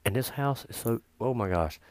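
A man performing a comic monologue, telling an exaggerated story in an animated way. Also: mid-range voice, moderate pace, no room sound. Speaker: comedian.

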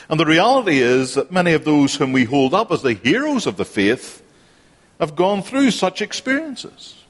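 Earnest preacher in a reverberant hall. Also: male voice, a little high. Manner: earnest, repeats phrases for emphasis. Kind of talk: sermon.

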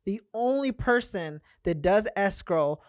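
A woman's voice: medium pitch, animated, a little slow, no room sound, clean studio sound. A woman guest on a podcast, chatty and earnest, talking through many fillers. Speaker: guest business owner. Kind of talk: casual podcast chat. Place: podcast studio.

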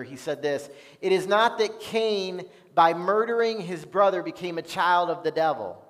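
The sermon comes from a high-voiced pastor who reads scripture slowly, deliberately and earnestly. A church hall's long reverb makes his words ring out.

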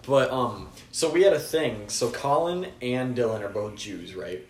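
A teenage man co-hosting a casual chat podcast, telling stories loudly with swearing and bursts of laughter. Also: medium pitch, measured pace. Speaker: podcast co-host. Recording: echoey room, faint noise.

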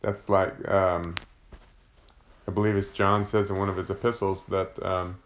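A man's voice: sits low, little pitch movement, a little slow, a little hiss or hum. A man, a father of young children, teaching an informal Bible study in a conversational way, often restarting and searching for words.

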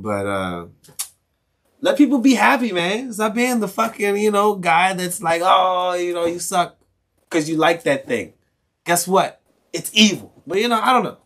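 Medium-pitched and a bit bright, a young man from Maryland rants on his casual solo podcast. It's a rambling, profane monologue with lots of restarts and chuckling.

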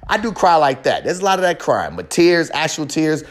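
A young man pours out a raw confessional monologue on his own podcast. His voice sits a little high, and he swears constantly. He rambles and repeats himself as his passion builds. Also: sing-song, brisk. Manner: profane, impassioned, rambling. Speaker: podcast host.

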